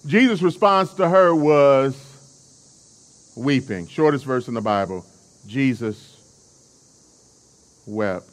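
A man's voice: medium pitch, slow pace, long pauses. A male preacher delivering a sermon, emphatic and calling on the congregation to respond.

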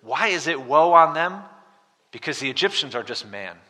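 A man preaching an expository sermon, dramatic, swinging from loud emphasis to hushed tones and asking the listeners questions. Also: fairly high pitch, sing-song, normal speed. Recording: reverberant hall.

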